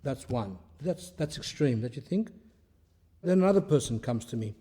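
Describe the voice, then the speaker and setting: A man's voice: medium pitch, lively intonation, normal speed, mellow. A man who is an Orthodox priest, giving an informal spiritual talk in a conversational, storytelling way, with rhetorical questions and phrases he often repeats.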